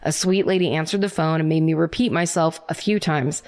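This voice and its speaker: A woman podcast co-host with a fairly low voice reads a listener's story aloud in her thirties. Her delivery is wry and casual, with laughs slipping in along the way. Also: fairly even intonation, a little fast, a little mellow. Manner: wry, laughs often while reading.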